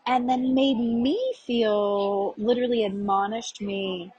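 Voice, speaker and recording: A woman hosting a podcast, telling a confessional story in a halting way, with frequent fillers and restarts, while chewing a peppermint. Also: a little high, a little mellow, slightly rough, highs cut off. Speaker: podcast host. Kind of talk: confessional monologue.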